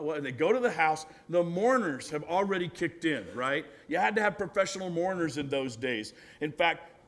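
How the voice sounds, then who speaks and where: A man, a pastor, preaching a storytelling sermon, acting out quoted voices and often adding "right?", sometimes dropping to a hushed, gentle voice. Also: sits high. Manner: drops to a hushed, gentle voice for tender moments.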